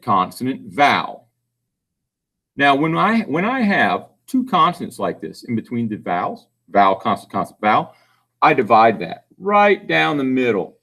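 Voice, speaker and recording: A man's voice: mid-range voice, a bit bright. A man giving a phonics lesson to children, patiently sounding out words syllable by syllable. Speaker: reading tutor.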